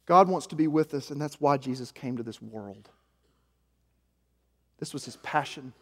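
A man from Arkansas preaching a sermon as pastor, emphatic, swinging from hushed to loud and repeating key lines. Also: medium pitch, moderate pace. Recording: long reverb of a large hall.

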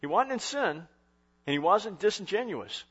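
A man delivering a sermon, his voice sitting a little higher than most men's. He speaks conversationally, building up and then dropping back, with frequent restarts. The recording is dull and lo-fi. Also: sing-song, normal speed, fairly bright tone, slightly rough. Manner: conversational, rising and falling in intensity with short restarts. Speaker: pastor.

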